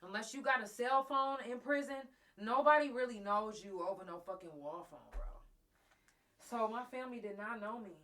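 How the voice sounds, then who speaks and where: Bright-voiced woman telling a raw story. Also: a little high, normal speed. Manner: raw, profane, emotional, addresses listeners directly. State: close to tears. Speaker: host. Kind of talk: candid personal storytelling on a live talk show.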